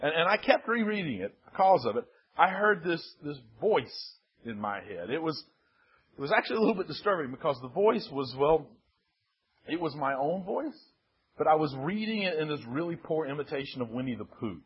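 An older male pastor giving a sermon in a measured, self-deprecating storytelling manner. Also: on the high side, big pitch swings, slightly rough. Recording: dull lo-fi sermon recording.

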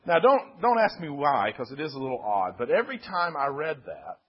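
An older male pastor giving a sermon in a measured, self-deprecating storytelling manner. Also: on the high side, sing-song, husky. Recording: dull lo-fi sermon recording.

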